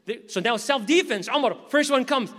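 A man preaching a storytelling sermon to an audience, animated, acting out voices and shouting at the high points. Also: normal speed. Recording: echoing hall reverb.

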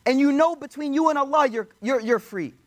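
High-voiced conversational male preacher. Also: a little fast. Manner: conversational, addresses audience as y'all, quotes Arabic. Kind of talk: sermon storytelling.

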